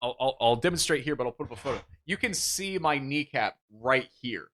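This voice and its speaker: A man co-hosting a podcast, telling a story in casual chat with an animated, self-mocking manner and free swearing. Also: medium pitch, fairly quick, slight background noise. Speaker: podcast co-host.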